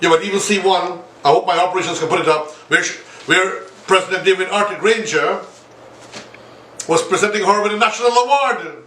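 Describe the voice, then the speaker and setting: Impassioned man, high bright voice. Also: a little fast, reverberant, distant mic, a little hiss or hum, poor audio. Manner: repetitive, appealing directly to viewers. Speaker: online show host. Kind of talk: impassioned political commentary.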